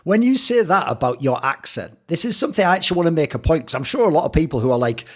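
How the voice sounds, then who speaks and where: A man hosting a casual interview, reacting excitably and swearing now and then. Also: fairly high pitch, fast. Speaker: interview host.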